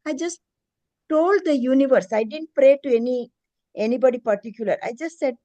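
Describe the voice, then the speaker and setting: A middle-aged woman, a preschool teacher, speaks as a meeting participant on a video call, earnestly sharing a personal story in a hesitant, emotional way. Her voice is high-pitched and brisk with a dark tone, and there is no room sound.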